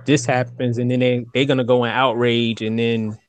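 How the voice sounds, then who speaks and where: A man co-hosting a podcast, speaking calmly and haltingly in agreement. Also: medium pitch, clean tone, no echo. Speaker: podcast co-host. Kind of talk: casual podcast discussion.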